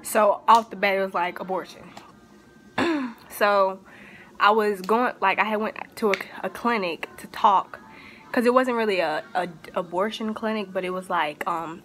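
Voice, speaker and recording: Young woman rambling thru a storytime, lots of um and like, slangy, mid pitch voice. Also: steady tone, normal speed, a bit bright. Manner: rambling, many fillers and restarts, slangy. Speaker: vlogger. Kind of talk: casual storytime.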